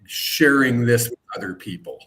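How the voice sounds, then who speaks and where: A man hosting a casual interview talks at a mid-range pitch. He reflects on his own story in a relaxed, searching way, pausing on fillers before handing the question to his guest. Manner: reflective, conversational, frequent um fillers. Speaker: host.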